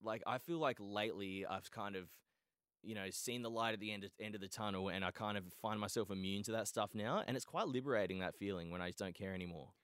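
A man with an Australian accent, hosting a casual podcast chat and telling jokey, animated stories. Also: fairly low pitch, fast talker, clear, resonant tone, dry recording, clean studio sound. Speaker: podcast host and streamer.

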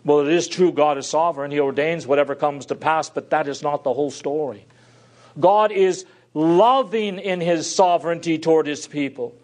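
A man preaching an expository sermon, earnest, swinging between loud emphasis and quiet drops. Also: fairly high pitch, normal speed.

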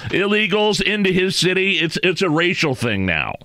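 Male talk radio host, bright tone, dry close sound, chuckling and agreeable. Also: high voice, big pitch swings, no echo. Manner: chuckling, quick agreeing interjections. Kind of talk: political talk radio interview.

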